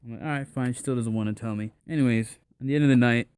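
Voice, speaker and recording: A young man casually telling a personal story to the camera in a relaxed, slangy way, acting out the people in it. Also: mid-range voice, fast, clean tone. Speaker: vlogger.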